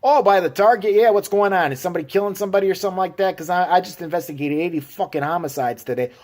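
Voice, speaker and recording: A man's voice: high voice, very fast, a little mellow, natural voice. A man doing a fed-up sarcastic Chicago cop. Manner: mocking, profane rant.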